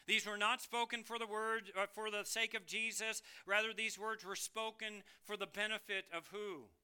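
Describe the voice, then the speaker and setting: A man preaching a sermon, lively and questioning, reading scripture aloud and asking the congregation questions. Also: high-pitched, moderate pace, smooth. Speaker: pastor.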